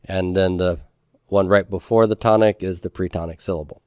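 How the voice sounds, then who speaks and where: A man's voice: deep voice, fairly even intonation, brisk, darkish tone, clear, resonant tone, no room sound, clean studio sound. A man lecturing a class on Hebrew grammar, explaining step by step and asking questions that he then answers. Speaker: Biblical Hebrew teacher.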